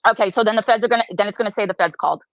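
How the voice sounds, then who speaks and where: A woman's voice: medium pitch, rapid-fire, no room sound. A woman on a live stream, swearing and accusing a caller of lying. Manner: profane, accusatory. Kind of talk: heated live stream argument.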